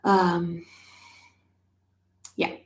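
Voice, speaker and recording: A woman's voice: fairly low pitch, flat delivery, very slow, roomy sound. A young woman chatting casually to viewers on a livestream, with lots of fillers and offhand swearing. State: pregnant. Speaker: YouTuber.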